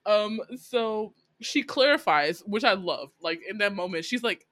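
Animated bright-voiced woman recapping a show. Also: mid-range voice, moderate pace, hardly any pauses, no echo. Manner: animated storytelling, laughing often, acting out lines. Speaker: podcast co-host recapping a drama. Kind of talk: casual chat.

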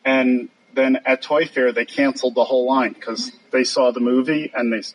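Husky older man telling studio stories. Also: medium pitch, normal speed, poor audio. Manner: lively storyteller who mimics others and laughs often. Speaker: guest puppet sculptor. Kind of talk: anecdotal talk over slides.

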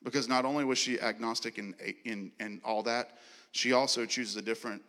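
A man preaches in a large church hall, acting out each line of his story with a bright, forceful voice. His words ring out with a long reverb trailing behind them. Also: mid-range voice, fairly quick. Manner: animated, acts out dialogue, laughs and clears throat often. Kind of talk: sermon storytelling.

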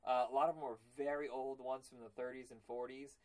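A man at an everyday middle pitch hosts a loose, casual podcast chat. He rambles from point to point with excitable energy and slips into goofy cartoon voices along the way. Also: fairly quick. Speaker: podcast host.

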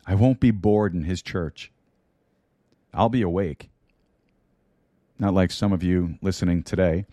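Low, mellow-voiced male preacher. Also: a little slow, long pauses, no echo, studio quality. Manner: preaching with repetition, asides and light humor. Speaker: pastor. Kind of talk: sermon. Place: broadcast studio. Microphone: studio microphone.

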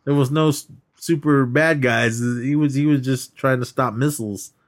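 Speaking at normal speed in a mid-range voice, a man co-hosting a podcast chats through a loose movie recap. He wanders as he talks, performing quoted lines and laughing along the way.

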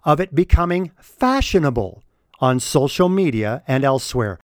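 A man with a fairly high, lively voice delivers opinion commentary, hammering his points with emphasis and repetition. He speaks slowly and deliberately. The recording is dry and close. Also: no room sound. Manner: emphatic, repeats key words for stress. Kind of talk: opinion commentary, reading from a report.

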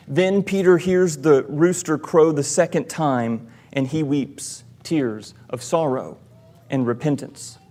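Slow, deliberate man preaching a sermon. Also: fairly high pitch, a little mellow. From American South. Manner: measured, deliberate preaching with emphatic quoted lines. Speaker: church elder preaching.

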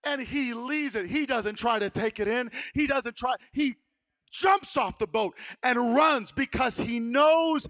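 High-voiced pastor preaching dramatically. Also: male voice, animated, measured pace. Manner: dramatic storytelling preaching, swinging from hushed to shouted. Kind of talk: sermon.

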